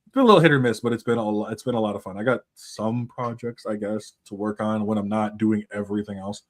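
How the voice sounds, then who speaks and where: A man chatting casually on a podcast, rambling and animated with plenty of filler words and swearing. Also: fairly low pitch, fast. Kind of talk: casual chat.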